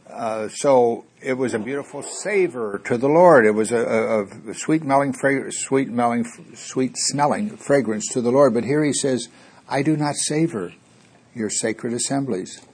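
A man teaching a Bible study sermon, reading scripture slowly and emphatically, then explaining it in a folksy, conversational way with jokes and asides. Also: mid-range voice, slightly rough. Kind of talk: expository sermon.

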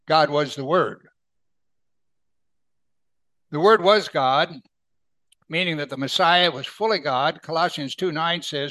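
A man preaching a Bible sermon, emphatic, lifting his voice on key words and then dropping it soft. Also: fairly high pitch, no room sound. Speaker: pastor.

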